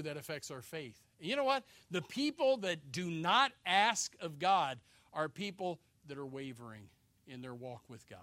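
Folksy older preacher man, higher voice. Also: no room sound. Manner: folksy and joking, swinging between loud emphasis and hushed asides. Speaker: pastor. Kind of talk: sermon.

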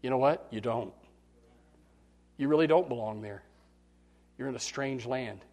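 A male pastor preaching a sermon, dropping to quiet pleading and rising to loud shouts, often repeating words as he goes. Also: mid-range voice, a little slow.

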